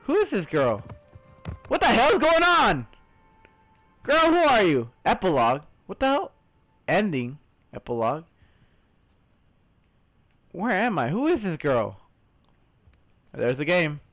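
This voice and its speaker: A man streaming a story game, reacting excitably, exclaiming, swearing and calling the viewer "bro" all the time. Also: sits high, slow pace, pauses often, faint music behind. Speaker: gaming streamer. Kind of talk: let's play commentary.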